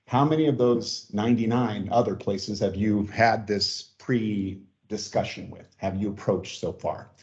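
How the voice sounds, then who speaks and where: A man's voice: lowish voice, a little slow, few pauses, darkish tone. A man giving an emotional public comment at a water board meeting, repeating himself as he pleads. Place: meeting room. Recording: dull lo-fi meeting audio.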